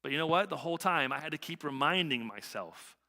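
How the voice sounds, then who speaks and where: Middle-aged male pastor, bright forceful tone, slightly high voice; conversational preaching in a ringing hall. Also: animated, brisk. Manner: conversational, repeats phrases, frequent "right?". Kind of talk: sermon with personal story. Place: church sanctuary. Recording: long church reverb.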